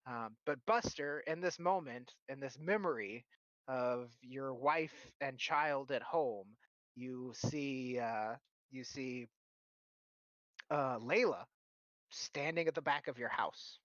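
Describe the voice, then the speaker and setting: A man narrating as game master of a tabletop game, halting with fillers and restarts, recorded with a dull lo-fi sound. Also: mid-range voice, a bit bright, dry recording.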